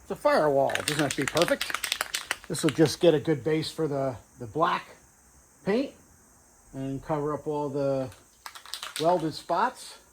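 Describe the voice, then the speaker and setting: A man's voice: fairly high pitch, expressive, measured pace, pauses often, background noise. A man casually narrating his truck build in a home garage, offhand and thinking aloud with fillers. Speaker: garage vlogger.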